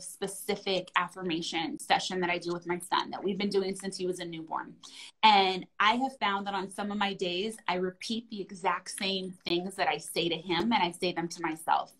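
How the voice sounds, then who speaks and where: A woman in her thirties talking in a gentle, affirming and soothing way in a heartfelt conversation. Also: mid-range voice, rough recording. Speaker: wellness guest.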